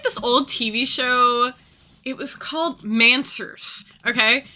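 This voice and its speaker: A young woman chats casually while streaming a game, rambling and using lots of fillers. Her voice is on the high side, bright and forceful, steady in tone, and she speaks slowly.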